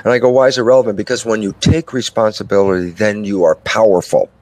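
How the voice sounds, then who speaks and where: This older man has a lowish voice and talks fast. Appearing as an interview guest, he gives long, expansive explanations of his ideas, storytelling with animation and playing out small conversations with himself.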